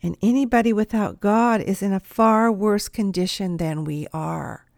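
Woman doing a funny devotional story, drops to whispers a lot, bit of fry, dry close sound. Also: medium pitch, moderate pace, darkish tone, dry recording. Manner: humorous, confiding storyteller who drops to whispers. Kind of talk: devotional talk with personal story.

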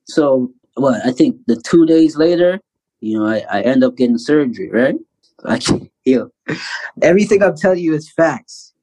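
Lively man telling a story. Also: medium pitch, normal speed, rough recording. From Canada. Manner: animated storyteller, acts out quoted voices loudly. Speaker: guest, basketball player. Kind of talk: casual storytelling interview.

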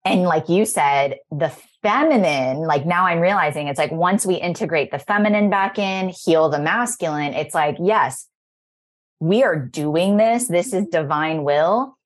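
A woman podcast host musing out loud in casual conversation, mimicking other people's remarks in playful voices. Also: on the low side, unhurried.

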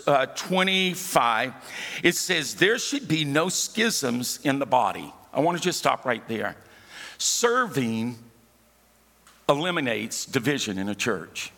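A man's voice: a little high, very animated, measured pace, pushed and bright. A man preaching a sermon in church, calling for responses from the congregation and telling humorous stories. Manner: calls for congregation responses, storytelling, humorous asides. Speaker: pastor. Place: church sanctuary. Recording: hall reverb with faint music.

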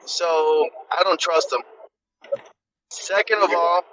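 A man's voice: a little high, fairly even intonation, takes it slowly, noisy background. A man calling in to a podcast from his car, joking around and stumbling when put on the spot. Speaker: caller joining while driving. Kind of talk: casual podcast banter.

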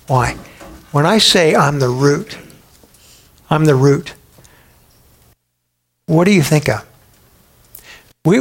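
A man's voice: a little high, vocal fry. Emphatic male pastor preaching a sermon. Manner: emphatic, peppered with rhetorical questions.

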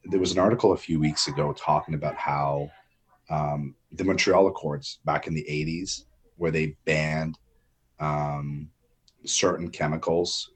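A man co-hosting a podcast in casual chat, relaxed and rambling with many fillers and restarts. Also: a bass voice, a little slow. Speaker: podcast co-host.

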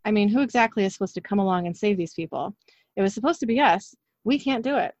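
A woman reading the lines of a weary, gruff male demon hunter in her own plain voice. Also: mid-range voice, fast, no room sound, natural voice. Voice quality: flat, unperformed reading. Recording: slightly dull lo-fi audio.

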